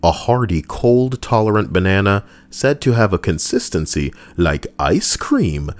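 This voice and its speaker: With a lowish voice, big swings in pitch and a measured pace, a man hosts a livestream, reading out posts and responding with crude, sarcastic commentary through a close desk mic.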